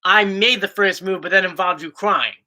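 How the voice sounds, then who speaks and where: A man's voice: sits high, moderate pace, bright, forceful tone. A man hosting a casual livestream chat, playful and teasing his partner. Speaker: host.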